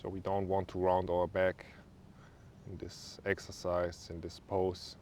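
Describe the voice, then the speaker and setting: A young man with a German accent leading a guided stretching class in a calm, easygoing way with small joking asides. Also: deep voice, a little slow, slight background noise. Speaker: yoga instructor.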